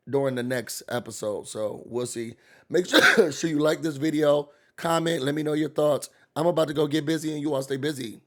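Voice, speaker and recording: A man's voice: on the high side, gravelly, a little mellow. A man hosting a casual, gossipy recap rant, acting out quoted voices. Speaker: YouTube recap host.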